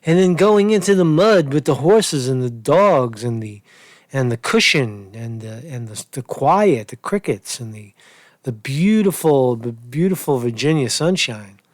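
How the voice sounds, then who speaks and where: A man's voice: medium pitch, lively intonation, unhurried, dry recording, studio quality. A man giving casual, rambling political commentary as a vlogger, crude and profane, repeatedly calling the listener "man", tired and sore from a long drive.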